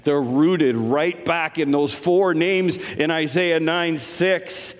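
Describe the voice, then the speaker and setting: A man's voice: a little high, slow, long reverb tail. A pastor preaching a sermon to his congregation in an earnest, conversational way, pressing his points with rising emphasis.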